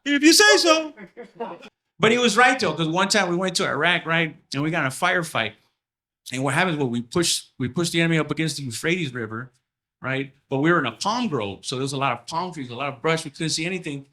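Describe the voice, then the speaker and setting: Animated man doing stand-up at a party. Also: fairly high pitch, fast talker. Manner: animated, acts out voices in stories. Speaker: stand-up comedian. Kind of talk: stand-up comedy set. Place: house party crowd.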